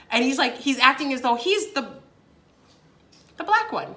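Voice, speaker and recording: Young woman, casual storytime, giggly, lots of fillers, bright voice. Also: sits high, animated, moderate pace, long pauses. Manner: giggly, laughs between phrases, many fillers. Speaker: vlogger.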